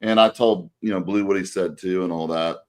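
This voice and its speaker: A man with a low voice tells a story on a podcast, looping back through fillers and false starts. His delivery is loose and conversational, a co-host talking with a friend. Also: fairly even intonation, fairly quick, darkish tone. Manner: rambling anecdote with many fillers and restarts. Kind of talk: casual storytelling chat.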